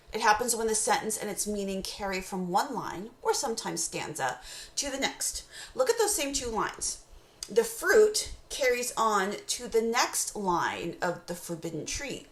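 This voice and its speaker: Woman giving a measured poetry lecture. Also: mid-range voice, expressive, echoey room. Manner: measured, explanatory, reads poem excerpts slowly aloud. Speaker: teacher. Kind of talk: recorded course lecture.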